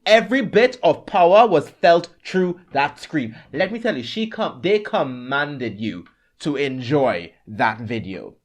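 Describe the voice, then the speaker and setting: Animated gushing man, lively pitch. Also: a little slow. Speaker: podcast co-host. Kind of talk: casual chat.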